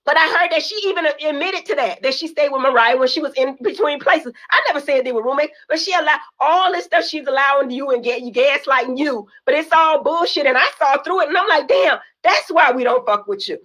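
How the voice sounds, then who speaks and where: A woman's voice: high-pitched, quick pace, few pauses, a bit bright, poor audio. An older woman talking bluntly and emotionally in a heated podcast chat, swearing freely and rambling. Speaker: reality TV guest.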